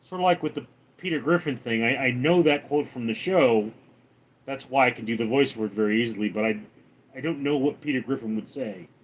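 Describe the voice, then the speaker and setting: A man hosting a casual livestream, reading viewer comments aloud in a raised voice and answering them lower and faster. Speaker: livestream host.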